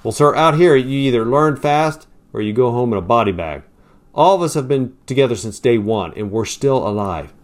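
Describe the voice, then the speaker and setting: A man's voice: mid-range voice, animated, normal speed, lightly acted. A man voicing a blunt young Marine. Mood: matter-of-fact. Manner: blunt, commanding. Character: tough young male Marine squad leader, blunt and steady.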